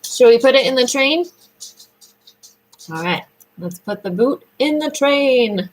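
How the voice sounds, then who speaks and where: A woman speech therapist leading a children's sound lesson, praising often and drawing out words slowly in a sing-song way. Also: high voice, animated, poor audio.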